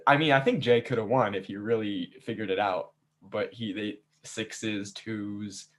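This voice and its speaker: Animated man recapping a game season. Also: lowish voice, unhurried. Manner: animated storytelling, acts out players' quotes. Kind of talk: casual chat.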